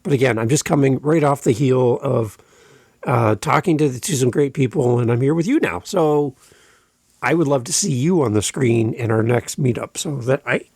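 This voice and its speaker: A man's voice: mid-range voice, moderate pace, vocal fry, a little mellow, no echo, clean studio sound. A man hosting his own podcast, talking casually and earnestly, encouraging listeners and often repeating himself. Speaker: podcast host. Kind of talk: casual solo podcast talk.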